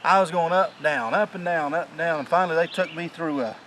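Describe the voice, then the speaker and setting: A man, excitedly telling the story of a hunt in a casual chat outdoors in the mountain woods, rambling and restarting his sentences. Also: on the high side, brisk, slight background noise, poor audio. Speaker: hunting channel host.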